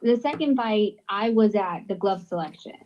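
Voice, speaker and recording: A woman with a mellow, low-key tone tells a story bluntly, swearing and acting out the back-and-forth. Her audio sounds dull and muffled, as if it comes in from a remote connection. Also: animated, moderate pace. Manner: blunt, profane, acts out dialogue. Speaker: guest from a boxer's team. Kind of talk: casual storytelling.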